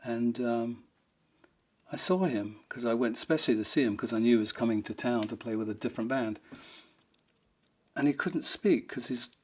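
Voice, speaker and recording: A man's voice: medium pitch, moderate pace. A man, a rock guitarist, telling fond, rambling anecdotes in an interview, amused and laughing now and then.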